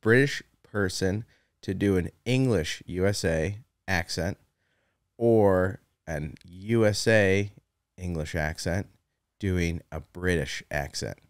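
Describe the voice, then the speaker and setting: A man co-hosting a talk show in a relaxed, casual chat, laughing often. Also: low-pitched, slow pace, clear, resonant tone.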